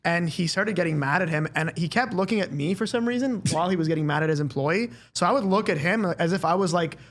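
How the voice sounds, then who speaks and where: A man's voice: high voice, quick pace. A man, riffing casually with lots of "like" fillers. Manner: rambling, filler-heavy observational riffing. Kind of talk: casual chat.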